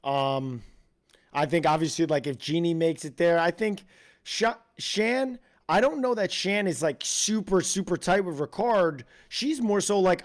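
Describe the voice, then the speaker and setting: A man co-hosting a casual recap chat, relaxed and agreeable, trailing off at the ends of sentences. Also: fairly high pitch, brisk. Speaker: podcast co-host.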